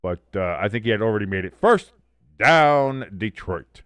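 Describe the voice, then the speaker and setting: A man hosting a live watch-along stream, calling the game play by play and reading out chat comments, with bursts of excitement on big plays. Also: deep voice, fast, clear, resonant tone, dry recording. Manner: swears casually.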